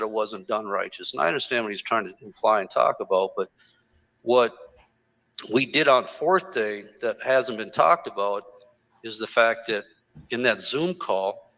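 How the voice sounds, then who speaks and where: A man's voice: mid-range voice, pushed and bright, in a large hall, rough recording. A man, a church elder, explaining things carefully in a recorded call, with some restarts.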